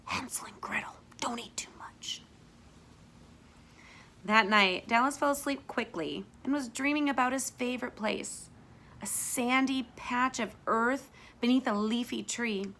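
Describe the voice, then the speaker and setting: Female teacher doing a read-aloud for kids, expressive, bright voice. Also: a little high, creaky. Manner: expressive, asks young listeners questions. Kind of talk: reading a children's book aloud.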